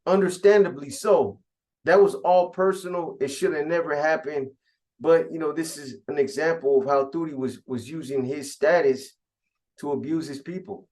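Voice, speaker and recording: A man's voice: fairly high pitch, darkish tone. A man casually recounting a prison gang story in profane street slang.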